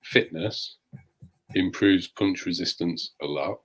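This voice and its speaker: A man on a live show calmly giving his opinions on boxing. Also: sits low, slightly rough. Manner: measured, opinionated. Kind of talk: casual boxing analysis.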